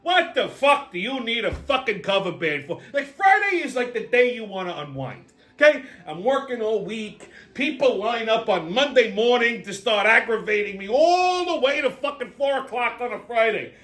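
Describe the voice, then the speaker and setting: A man's voice: very high-pitched, sing-song, normal speed, few pauses, a bit bright. A middle-aged man hosting his own channel, delivering an exasperated, profanity-filled rant that stumbles over repeated restarts and stammers. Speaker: channel host. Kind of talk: profane ranting monologue.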